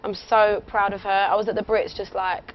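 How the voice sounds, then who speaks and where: A young Englishwoman, a guest on a casual radio interview, rambles and giggles with plenty of fillers. Her mid-range voice stays level and fairly quick, heard through muffled lo-fi audio with faint noise.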